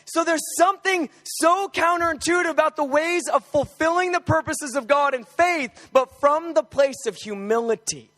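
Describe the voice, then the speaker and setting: A man preaching an animated, humorous sermon, telling stories with energy. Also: extremely high pitch, moderate pace, few pauses.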